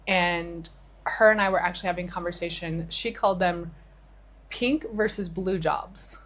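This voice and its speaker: Low-voiced woman telling a story. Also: moderate pace, a bit bright. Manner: chatty storyteller who retells conversations with restarts. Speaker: podcast co-host. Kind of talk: casual chat.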